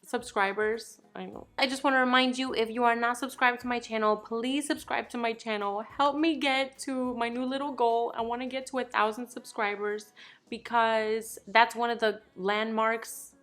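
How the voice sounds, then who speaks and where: A young woman talks to her viewers in a loose, bubbly, rambling way, poking fun at herself. Her voice sits a little high. Soft music plays faintly behind her. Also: steady tone, normal speed. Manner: bubbly, rambling, self-deprecating with laughs. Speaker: beauty YouTuber. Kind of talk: casual chatty vlog.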